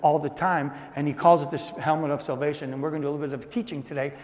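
A man preaching a sermon to a congregation in a conversational style, moving between loud emphasis and hushed asides. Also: a little high, fairly even intonation, racing, big-room sound. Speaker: pastor.

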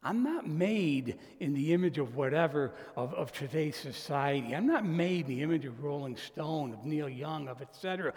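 Man pastor, slightly high, gravelly voice, casual emphatic sermon delivery, reverberant church hall. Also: lively intonation, moderate pace, few pauses, darkish tone. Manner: conversational, emphatic, with asides and quoted dialogue.

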